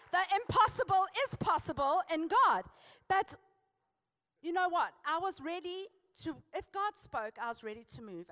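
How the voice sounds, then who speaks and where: A South African woman preaching a sermon, telling a personal story with lively, emphatic exhortation. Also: sits high, big-room sound.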